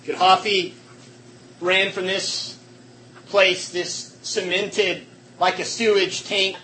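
A man preaching a sermon with passion, swinging between shouting and hushed, quiet tones. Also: high voice, little pitch movement, takes it slowly, slight background noise, low-quality recording.

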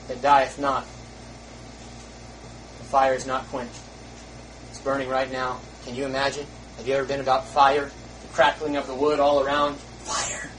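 A man preaching a fiery sermon in a church, dropping to a hush and then rising to shouts. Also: fairly high pitch. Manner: swings from hushed to shouting. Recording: distant mic, faint hiss.

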